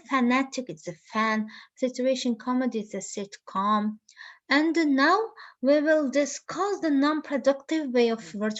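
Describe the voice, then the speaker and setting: Slow, careful woman reading lecture notes. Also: a little high, muffled recording. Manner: slow, careful delivery with frequent "uh" fillers. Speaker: teacher.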